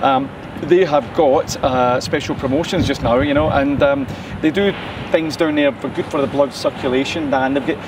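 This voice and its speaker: A man's voice: medium pitch, steady tone, moderate pace, far from the mic, noisy background. A man co-hosting a local what's-on show, rambling casually and laughing easily. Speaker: co-host. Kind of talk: casual chat show banter.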